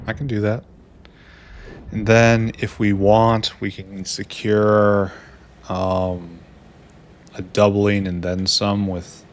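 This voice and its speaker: This streamer muses aloud during gameplay, addressing himself and poking dry fun at his own play. His voice is lowish, with a little background noise in the recording.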